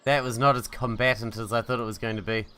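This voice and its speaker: A man's voice: mid-range voice, steady tone, quick pace, pushed and bright, smooth. A man giving casual, profane, joking commentary while playing a video game. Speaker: gaming channel host.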